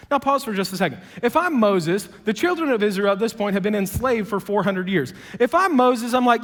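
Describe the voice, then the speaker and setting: A male pastor preaching in a loose, joking, conversational way. His voice sits high for a man, and his words ring out with a long reverb in a large church hall. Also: animated, fairly quick, hardly any pauses, fairly bright tone. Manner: casual, conversational, humorous. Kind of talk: sermon.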